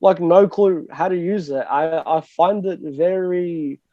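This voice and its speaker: A man's voice: on the high side, slow, no room sound. A young Australian man, a DJ guest on a podcast, talking casually in a rambling, self-mocking way and swearing freely. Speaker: guest DJ and producer. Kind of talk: casual interview chat. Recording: dull lo-fi dry sound.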